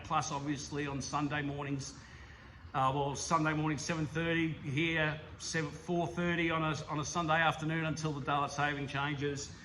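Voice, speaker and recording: An Australian man rambles through a casual roundup with a bright, edgy tone and a slightly raised pitch. He is enthusiastic and laughs often, and a faint hiss sits under his voice. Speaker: slot car hobby channel host.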